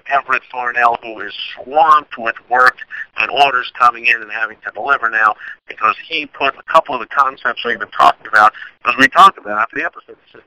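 A man hosts a solo business-advice podcast, talking in a loose, rambling way with many asides and restarts. His voice has a very bright, sharp edge. It sounds dry and close, with no room echo. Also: mid-range voice. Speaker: podcast host.

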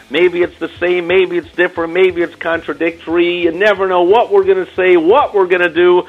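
A man co-hosting a casual podcast, talking excitably and theatrically and slipping into quoted voices. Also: sits high, fairly quick, soft background music. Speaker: podcast co-host. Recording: muffled lo-fi audio.

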